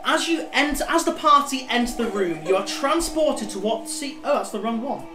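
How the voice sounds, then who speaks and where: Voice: medium pitch, lively intonation, moderate pace. A game master narrating a tabletop game, rambling with lots of fillers and restarts. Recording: roomy, distant, music behind.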